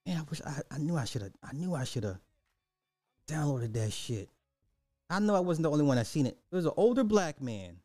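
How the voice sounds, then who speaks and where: A man, ranting in casual commentary, loose and animated, swearing and repeating himself. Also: fairly high pitch, fairly quick, no echo, faint music behind.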